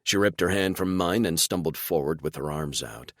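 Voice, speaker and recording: A man narrating a fantasy romance audiobook in first person, with expressive storytelling. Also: sits low, moderate pace, no room sound, clean studio sound. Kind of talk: scripted narration.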